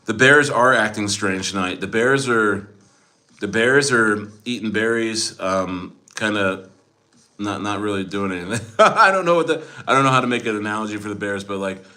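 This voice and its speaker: Young man, casual livestream host, bright and forceful tone, joking, rambling, laughs a lot. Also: on the low side. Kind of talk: casual livestream chat reading viewer comments.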